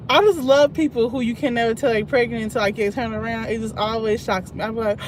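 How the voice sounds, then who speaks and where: A woman, chatting casually to her live-stream viewers from her car in traffic, greeting them by name and breaking into loud laughs. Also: on the high side, fast talker, few pauses, low-quality recording. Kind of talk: casual live-stream chat while driving. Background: faint road and traffic noise.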